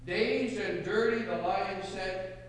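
A man preaching a sermon as a pastor, telling a parable with dramatic, loud punches on quoted lines. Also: high-pitched, takes it slowly. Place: church. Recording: echoey hall, mic at a distance.

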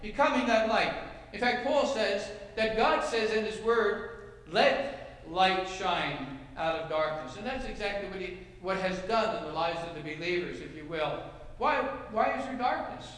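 A pastor delivering a sermon in a high, light voice, earnest and folksy, pausing now and then to gather his words. He is heard in a large church sanctuary with a long, echoing reverb. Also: a bit bright. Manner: earnest preaching with folksy asides. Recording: echoey church hall.

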